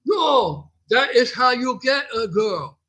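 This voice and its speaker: A man putting on the voice of a slow-talking, childlike young man who draws out his words in a high, pleading tone. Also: lively intonation, pushed and bright, full character voice. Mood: insistent. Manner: high, drawn-out, pleading delivery.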